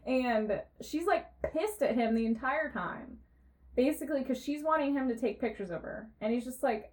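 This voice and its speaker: A young woman co-hosting a podcast, telling a story in a casual, animated way, full of "like" and laughter. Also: on the high side, normal speed. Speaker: podcast co-host. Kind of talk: casual chat.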